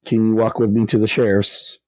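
A man voicing a cautious frontier deputy in a tabletop game, speaking to a stranger in a hesitant, gentle and polite way. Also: fairly low pitch, little pitch movement, fairly quick, dry recording, close to an everyday voice, poor audio. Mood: coaxing.

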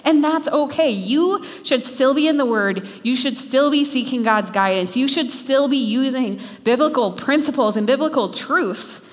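A young woman from Minnesota giving an animated, self-deprecating talk to students. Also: high voice, moderate pace, hardly any pauses. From Minnesota, USA. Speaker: speaker. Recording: long hall reverb.

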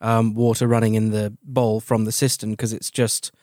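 Australian man, dry dead-sounding recording, deadpan teasing podcast co-host. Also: fairly low pitch, moderate pace, dry recording. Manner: dry wit, playful teasing. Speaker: podcast co-host, dungeon master. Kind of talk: casual chat.

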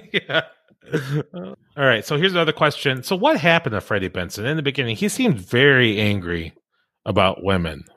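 A man's voice: mid-range voice, very animated, moderate pace, bright, forceful tone. A man hosting a casual podcast, cheerfully quizzing his guests. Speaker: podcast host. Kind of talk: casual chat.

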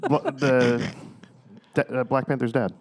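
A man co-hosting a podcast in casual chat, relaxed, listing facts with short replies. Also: medium pitch, unhurried. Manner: relaxed, lists facts, brief agreements. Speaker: podcast co-host.

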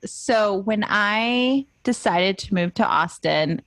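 A woman's voice: medium pitch, slow pace, hardly any pauses, a bit bright, no echo. A young woman, a photographer, chatting as an interview guest and acting out her own past thoughts as she tells her story. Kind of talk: casual interview chat. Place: moved to Austin.

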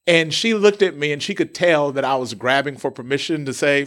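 A man's voice: on the high side, fairly quick, few pauses, fairly bright tone. A man who talks like a preacher, persuasive and declarative, in a candid conversation. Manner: emphatic, persuasive, preacher-like delivery. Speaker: pastor. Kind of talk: conversational podcast talk.

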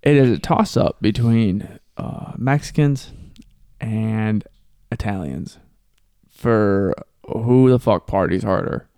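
A man's voice: lowish voice, slow, warm tone, clean tone, no room sound, clean studio sound. A young man from Ohio telling rambling, profane stories in a casual podcast chat. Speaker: podcast co-host.

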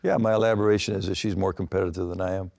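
Older man, gravelly, lowish voice, rambling interview anecdotes. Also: steady tone, rapid-fire, darkish tone. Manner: rambling anecdotes with many restarts and acted quotes. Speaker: retired baseball manager, guest. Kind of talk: storytelling interview answers.

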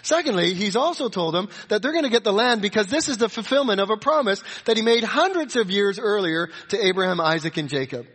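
Husky-voiced man preaching a sermon. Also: high-pitched. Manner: rises to emphatic peaks, drops to soft confiding asides. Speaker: pastor.

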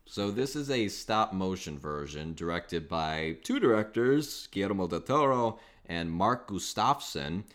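A man with a somewhat low voice hosts a casual podcast. He talks in a wry, sarcastic way. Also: lively intonation, a little slow, few pauses, a bit bright. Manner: wry, sarcastic movie critique. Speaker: podcast host. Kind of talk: casual chat.

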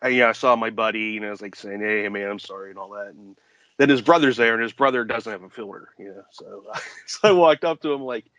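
A man's voice: fairly low pitch, fast, a bit bright, no echo. A man being interviewed on a podcast as a guest author, telling rambling stories and laughing at his own jokes. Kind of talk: casual podcast chat.

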